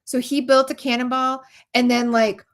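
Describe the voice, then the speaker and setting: A middle-aged woman, a teacher hosting a casual chat, animated and laughing often. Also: sits high, normal speed. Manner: animated, laughing, acts out kids' voices. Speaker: host, teacher.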